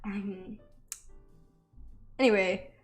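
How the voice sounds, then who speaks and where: A young woman chatting casually as she draws for a video, self-deprecating and quick to laugh. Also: medium pitch, fairly even intonation, faint music behind. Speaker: art vlogger. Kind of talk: casual chat while drawing.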